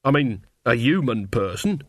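A man voicing a jolly but bossy old witch woman in a storybook reading, homely and quick to scold. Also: mid-range voice, big pitch swings, no room sound, clean studio sound.

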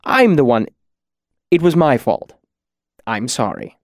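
A man's voice: medium pitch, sing-song, takes it slowly, no echo, studio quality. A man voicing a flustered, polite male scribe who stammers hastily. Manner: stammering and hasty.

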